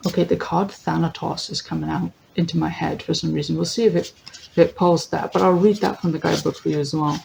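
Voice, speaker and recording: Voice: mid-range voice, steady tone, fast talker, vocal fry, a little mellow, slight background noise, poor audio. A tarot reader giving a casual general reading, thinking aloud, correcting themselves, laughing easily and reading lists from a guidebook. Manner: chatty, thinks aloud, often corrects itself.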